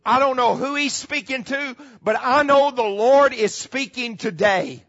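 Gravelly high-voiced preacher, lo-fi recording. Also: male voice, measured pace. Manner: dramatic preaching, repeats key phrases, drops to hushed tones. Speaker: pastor. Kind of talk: sermon. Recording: muffled, slightly lo-fi.

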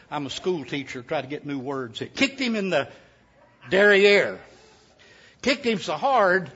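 Preacher, folksy joking storyteller, bright husky tenor. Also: male voice, sits high. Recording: dull lo-fi sound.

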